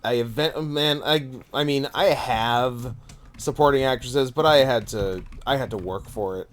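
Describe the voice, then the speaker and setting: A man co-hosts a casual podcast. He talks at an ordinary middle pitch. His manner is sarcastic and joking. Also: a little slow. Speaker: podcast co-host. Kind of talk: casual chat.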